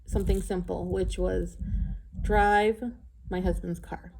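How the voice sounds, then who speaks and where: A woman's voice: on the low side, flat delivery, slow pace, creaky, dark tone. A middle-aged woman recording a casual, rambling vlog, candid and a little emotional, with sighs and laughs along the way. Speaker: vlogger. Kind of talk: casual chat.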